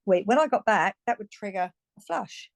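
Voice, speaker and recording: A woman's voice: medium pitch, expressive, moderate pace, vocal fry, dry recording. Chatty British woman in her fifties. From United Kingdom. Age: 50s. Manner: chatty and frank, many restarts and little laughs. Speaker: guest. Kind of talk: candid conversational storytelling.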